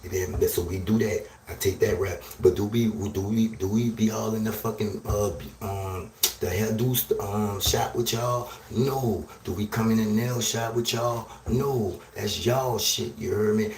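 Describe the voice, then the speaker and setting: A man hosting a live stream, delivering a loud, crude, rambling rant and checking in with "you hear me?". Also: lowish voice, normal speed. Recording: roomy echo, distant from mic, faint noise.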